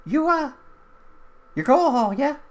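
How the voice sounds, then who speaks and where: A man voicing a talking magic book with a squeaky voice. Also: lively intonation, unhurried. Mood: eager.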